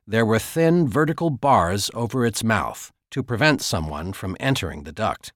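A man narrating a thriller audiobook in a steady, measured storytelling voice. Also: lowish voice, no echo, studio quality. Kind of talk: scripted narration.

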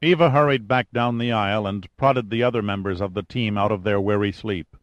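A man narrating an audiobook with steady, even storytelling. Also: lowish voice, brisk, no room sound, lo-fi sound. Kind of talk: scripted narration.

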